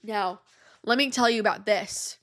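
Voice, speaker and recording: A young woman hosting a podcast, telling a story in a chatty, animated way and acting out the voices of people she quotes. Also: mid-range voice, a little slow. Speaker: podcast host. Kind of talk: casual storytelling monologue.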